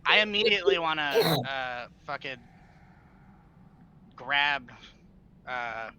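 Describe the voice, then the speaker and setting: A man's voice: a little high, animated, slow pace, bright, forceful tone, lo-fi sound. A man playing a tabletop game in casual chat, blunt and crude with swearing.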